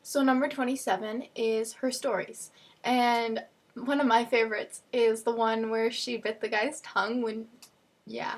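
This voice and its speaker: A young woman chats casually to camera as a fan vlogger, her voice sitting a bit high. She rambles, trips over words and restarts her sentences as she goes. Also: little pitch movement, a little slow. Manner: rambling, with many fillers and restarts. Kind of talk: casual chat.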